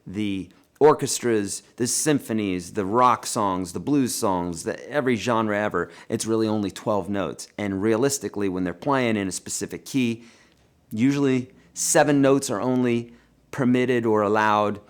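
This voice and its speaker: Chatty, animated male guitar teacher. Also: fairly low pitch, normal speed, clean tone. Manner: chatty and animated, addresses viewers as friends; reads viewer questions aloud. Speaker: guitar teacher hosting a livestream. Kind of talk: live-streamed guitar lesson and Q&A.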